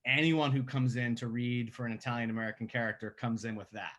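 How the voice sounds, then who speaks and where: A man's voice: medium pitch, quick pace. A man from Staten Island, a filmmaker guest telling stories in a casual podcast interview. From Staten Island, New York. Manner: conversational, animated when telling stories. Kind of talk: podcast interview over a call.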